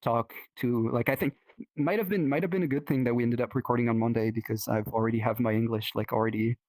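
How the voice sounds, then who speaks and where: A man's voice: mid-range voice, steady tone, darkish tone, no echo. A man with a French accent, a native French speaker talking in English, chatting casually as a podcast guest, full of restarts and fillers. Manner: halting, many restarts and fillers. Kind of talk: casual chat.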